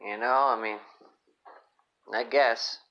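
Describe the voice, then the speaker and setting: Speaking slowly in a bright, forceful, medium-pitched voice with fairly even intonation, the podcast host rambles crudely for laughs. He curses constantly and sounds moody, all on a dull lo-fi phone app recording.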